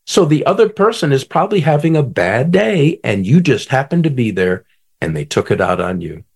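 A male conflict coach talking with a voice that rises and falls widely. He is animated and draws the host in, asking him to finish his sentences. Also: mid-range voice, normal speed, husky. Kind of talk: guest in an interview, coaching talk.

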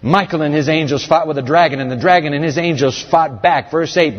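A man's voice: fairly high pitch, expressive, brisk, hardly any pauses. A man preaching a sermon, emphatic and dramatic, speaking straight to the congregation. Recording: dull sound with long hall reverb.

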